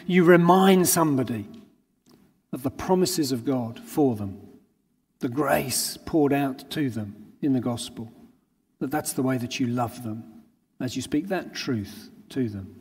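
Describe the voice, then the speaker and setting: A man's voice: mid-range voice, a little slow, a little mellow, slightly rough. A man giving an earnest sermon at a conference, drawing on everyday anecdotes to make his points. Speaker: conference speaker. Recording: long hall reverb.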